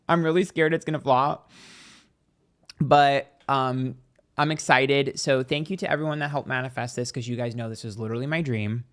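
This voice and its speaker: A man's voice: medium pitch, fairly even intonation, normal speed, a bit bright. A man in casual vlog chat, telling a story with lots of "like" and acted-out reactions. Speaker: tarot reader and YouTuber.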